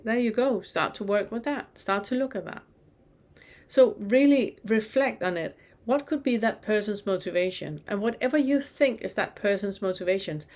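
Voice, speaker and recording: A woman with a mid-range voice leads a spiritual teaching lesson. Speaking calmly and reflectively, she asks many rhetorical questions that turn listeners back toward themselves.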